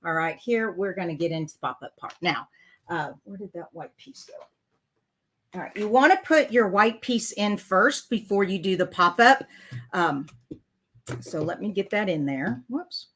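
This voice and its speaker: A chatty woman leads a live crafting demonstration at an everyday middle pitch. She talks her viewers through each step. She laughs off her own slip-ups as she goes. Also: animated, normal speed, fairly bright tone. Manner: chatty and self-deprecating, talking through mistakes. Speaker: card-making demonstrator. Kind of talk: live crafting tutorial chat.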